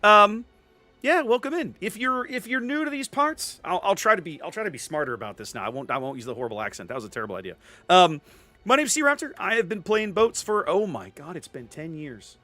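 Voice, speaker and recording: A man's voice: sits high, sing-song, fast, pushed and bright, no room sound. A man streaming a video game, chatting casually with viewers and often repeating words as he thinks. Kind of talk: casual live-stream commentary.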